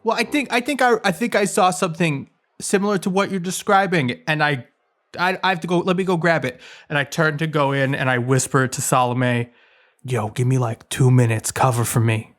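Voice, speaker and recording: A man's voice: on the high side, a little fast, a bit bright. A man playing his character in a tabletop game, speaking hesitantly and sheepishly. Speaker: player.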